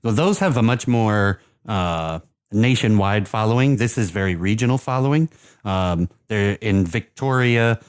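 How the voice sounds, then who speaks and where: A man's voice: fairly low pitch, unhurried, clean tone, no room sound, studio quality. A man co-hosting a casual beer and soccer podcast, explaining things in a rambling, hesitant way with many fillers. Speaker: podcast co-host.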